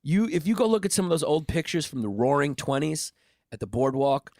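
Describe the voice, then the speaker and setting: A man's voice: a little high, very animated, a little fast, darkish tone, no echo, clean studio sound. Laid-back crude New podcast man. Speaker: podcast co-host. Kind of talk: casual chat.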